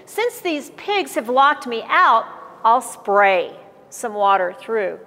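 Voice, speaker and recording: Woman doing a fed-up farmer from a kids' picture book, high lively voice, echoey hall. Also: takes it slowly, heavily acted. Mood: scheming. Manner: exasperated exclamations. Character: grumbling male farmer trying to wash pigs.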